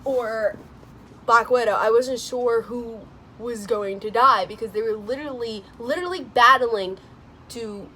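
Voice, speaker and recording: A young woman vlogger chatting casually about a movie she just saw, gushing and excitable, with lots of "like"s, laughs and sighs. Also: measured pace, slight background noise. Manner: gushing and excitable, many "like"s, laughs and sighs, swings into squealing high quotes. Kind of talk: casual chat.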